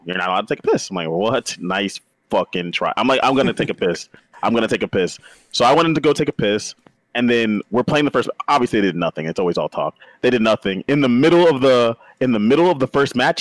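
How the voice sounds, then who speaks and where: A man co-hosting a casual podcast, telling a story in an animated, profane way that jumps up when he gets riled. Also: medium pitch, no room sound. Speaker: podcast co-host.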